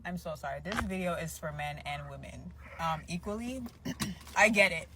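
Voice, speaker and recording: A woman in a casual confessional video, gushing in an animated, playful way with long drawn-out exclamations. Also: on the low side, background noise. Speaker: woman in a reacted-to clip.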